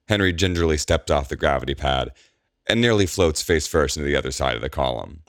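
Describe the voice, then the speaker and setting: Very deep, gravelly male narrator. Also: lively intonation, brisk, no room sound, clean studio sound. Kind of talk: audiobook narration.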